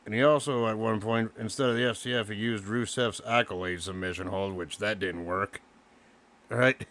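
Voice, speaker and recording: A man co-hosting a casual wrestling review, excitedly recapping the match move by move. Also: on the low side, moderate pace. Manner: excited, recaps moves play by play. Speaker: podcast co-host.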